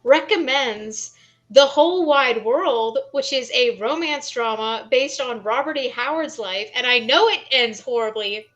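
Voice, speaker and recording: Higher-voiced woman, earnest and emotional. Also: measured pace, fairly bright tone, dull audio. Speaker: stream guest. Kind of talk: casual stream chat.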